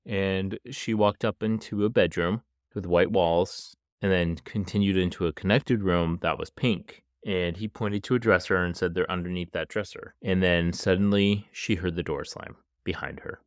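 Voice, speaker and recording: A man's voice: deep voice, steady tone, normal speed, few pauses, no echo, clean studio sound. A man hosting a podcast, retelling a true crime story casually with frequent "like" and small laughs. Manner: casual, laughs between lines, lots of "like". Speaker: podcast host.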